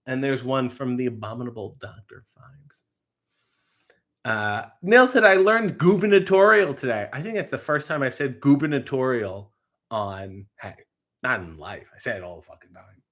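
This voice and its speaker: Casual streamer, male, reads chat with cursing asides; bright, forceful tone. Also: mid-range voice. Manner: swearing, quick asides, reads comments aloud. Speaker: livestream host reading chat. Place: home kitchen.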